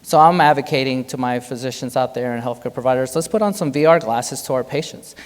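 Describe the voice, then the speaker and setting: Male physician, keynote speaker, casual and lively, roomy hall reverb. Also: mid-range voice, fast talker. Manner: animated, conversational, jokes with the audience. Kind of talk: conference keynote talk. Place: large hotel conference hall.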